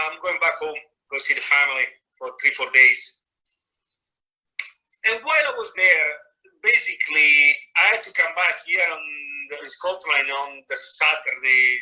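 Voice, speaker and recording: Italian-accented man telling stories, bright tone. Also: on the high side. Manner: halting, searching for words, swears when quoting himself. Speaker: guest, former footballer. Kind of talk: casual storytelling interview. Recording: lo-fi call audio.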